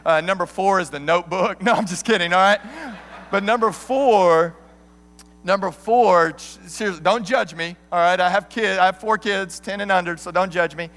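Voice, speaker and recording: A man in his thirties preaching a sermon as an animated, joking storyteller. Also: high voice, normal speed. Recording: long hall reverb.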